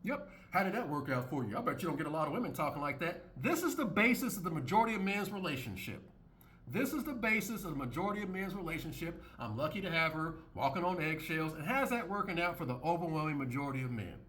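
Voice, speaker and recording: A man giving casual reaction commentary on a video, blunt and repetitive, often jumping into high mocking tones. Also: sing-song, quick pace, fairly bright tone. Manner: blunt, repeats phrases, swings into high mocking voices.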